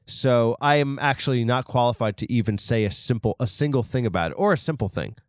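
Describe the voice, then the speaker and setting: A man's voice: medium pitch, a little fast, no room sound, studio quality. A man hosting a comedy podcast, riffing crudely and rambling on news headlines. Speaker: podcast host.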